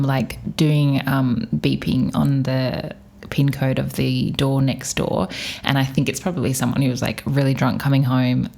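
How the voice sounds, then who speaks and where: A woman's voice: rumbling low, gravelly, darkish tone. A young Australian woman from Perth, hosting a podcast and casually telling stories, laughing often. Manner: chatty, laughing, acts out scared voices. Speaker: podcast host. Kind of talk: casual storytelling.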